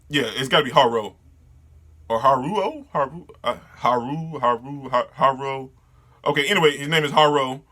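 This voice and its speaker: A man doing a casual readthrough of a manga, reacting excitedly, laughing and stumbling over names. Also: medium pitch, moderate pace, long pauses. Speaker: manga reader and reviewer.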